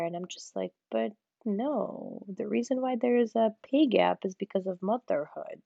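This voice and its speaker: A woman guest speaking candidly in an interview, telling her story in a frank, animated way and acting out what other people said. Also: measured pace, vocal fry, no room sound. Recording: muffled low-fidelity audio.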